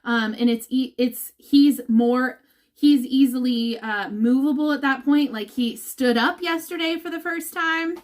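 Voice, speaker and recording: A woman vlogger whose voice sits high talks at a measured pace in a casual update for her viewers. She laughs and gets emotional, now and then almost crying.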